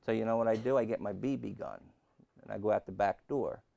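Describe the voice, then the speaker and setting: A pastor preaching a sermon and telling a humorous story, with lots of rhetorical questions. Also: male voice, lowish voice, fast talker, vocal fry, mellow, lo-fi sound. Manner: humorous, repeats key lines.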